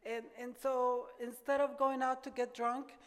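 An older woman giving an earnest, halting personal testimony at a recovery meeting, often repeating words as she gathers her thoughts. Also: on the high side, little pitch movement. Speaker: speaker sharing her recovery story. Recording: reverberant hall.

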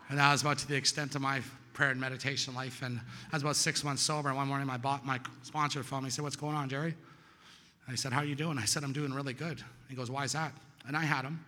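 A man speaks at a recovery meeting in a bright, forceful voice, telling his story casually and acting out quoted voices louder and higher. His voice rings with the long reverb of a big hall. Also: flat delivery, fast talker, a little hiss or hum. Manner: conversational, storytelling, asks "right?" often. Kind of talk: personal testimony talk.

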